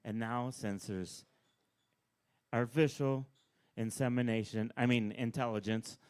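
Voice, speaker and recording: A man doing live stand-up at an open mic, bossing an audience volunteer around with playful, deadpan asides. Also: mid-range voice, unhurried, clear, resonant tone. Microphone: handheld stage mic.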